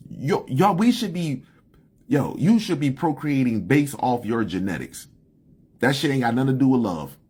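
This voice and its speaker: A man ranting profanely and heatedly on a casual live stream, his voice climbing high when he gets worked up. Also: husky. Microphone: phone.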